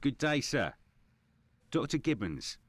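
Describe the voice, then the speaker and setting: A courteous Victorian doctor. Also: male voice, medium pitch, big pitch swings, takes it slowly, dry recording. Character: polite male Victorian doctor.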